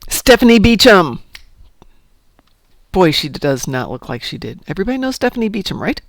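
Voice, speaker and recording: A chatty woman streamer telling stories while she plays. Her voice is gravelly with plenty of fry, and it swings up and down lively. She cheers at the game between tales. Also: low voice, fast, dry recording. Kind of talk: casual chat while gaming.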